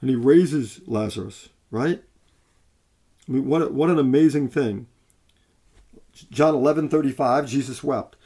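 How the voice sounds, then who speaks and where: Man, preacher, casual sermon delivery, mid-pitched voice. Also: measured pace, long pauses, mellow. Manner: conversational, many restarts and fillers.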